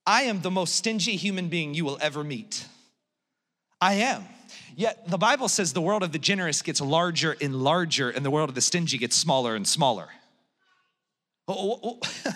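A man in his thirties preaching a sermon as a pastor, telling family stories with lively, animated delivery. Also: fairly high pitch, normal speed, pauses often. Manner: animated storytelling, acts out family dialogue. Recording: long hall reverb.

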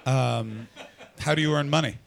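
A man's voice: mid-range voice, moderate pace, gravelly. A man doing stand-up, brashly and profanely teasing the audience in crowd work. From not from Britain. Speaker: stand-up comedian.

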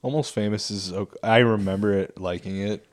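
A man's voice: fairly low pitch, fairly even intonation, normal speed. A man co-hosting a casual podcast chat, blunt and swearing freely. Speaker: podcast co-host.

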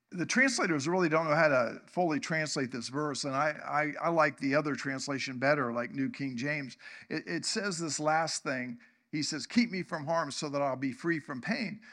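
A man's voice: high-pitched, sharp tone. A man preaching a sermon in an emphatic, exclamatory way, often repeating phrases. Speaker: pastor.

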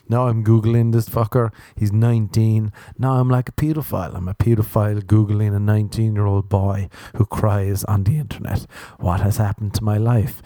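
A man's voice: lowish voice, warm tone, dry recording. Irish male comedian, young, sweary self-mocking rants, dry close mic. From Ireland. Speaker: stand-up comedian. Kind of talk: casual comic monologue.

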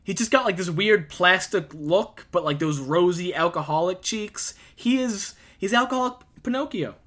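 A man's voice: high-pitched, expressive, moderate pace, a bit bright. A man giving heated, profane, emphatic commentary as a video host. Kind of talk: ranting commentary.

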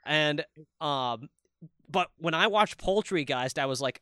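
Bright-voiced excitable man. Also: on the high side, no echo, clean studio sound. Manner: excitable, swearing, quick asides. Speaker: podcast co-host. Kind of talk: casual podcast chat.

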